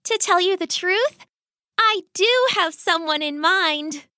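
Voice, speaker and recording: A woman voicing a patient, lovestruck young female rat in a storybook tale, with a squeaky voice and a wry manner. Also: takes it slowly, sharp tone, no room sound, studio quality, heavily acted. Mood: dreamy.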